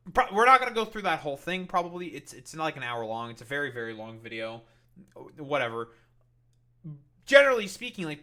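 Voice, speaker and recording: A man's voice: a little high, sharp tone. A man streaming reaction commentary, ranting with heavy swearing and exasperation.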